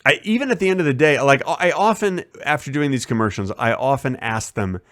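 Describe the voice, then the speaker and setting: A man's voice: mid-range voice, lively intonation, a little fast, fairly bright tone, no echo, studio quality. A man hosting a casual stream, chatting about a shoot in a rambling storytelling way and acting out the lines he quotes. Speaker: streaming host. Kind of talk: casual behind-the-scenes storytelling.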